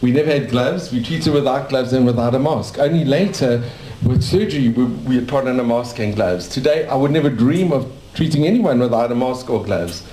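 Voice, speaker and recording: A man's voice: mid-range voice, a little fast, hardly any pauses, a little hiss or hum. Older South African man telling stories. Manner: rambling, warm anecdotal storytelling with restarts. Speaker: dentist telling his life story. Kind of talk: casual storytelling to a small audience. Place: cafe. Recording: echoey cafe room.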